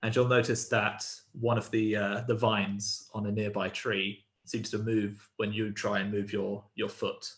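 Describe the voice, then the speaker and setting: A man running a tabletop game as game master, describing the scene in a halting way with many fillers and restarts. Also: fairly low pitch, little pitch movement, reverberant. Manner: hesitant, full of ums and restarts.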